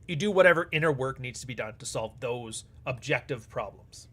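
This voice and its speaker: A man's voice: medium pitch, lively intonation, fairly quick, bright, forceful tone, slightly rough. A man hosting a live stream, talking casually and bluntly with plenty of swearing and acting out back-and-forth dialogue as he answers super chats. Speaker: livestream host.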